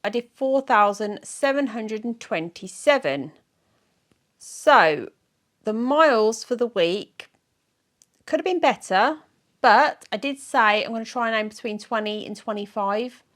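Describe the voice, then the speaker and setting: A woman's voice: on the high side, expressive, unhurried, fairly bright tone. A woman in her forties chatting casually in a vlog, reading out her week's diary in a rambling, self-mocking way. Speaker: weight-loss vlogger.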